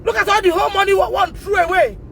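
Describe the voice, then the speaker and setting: Distraught high-pitched Nigerian mother. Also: fairly even intonation, fast, a faint crowd, slight background noise. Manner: distressed, pleading, repeats phrases, bursts into shouting. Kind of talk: emotional self-recorded video.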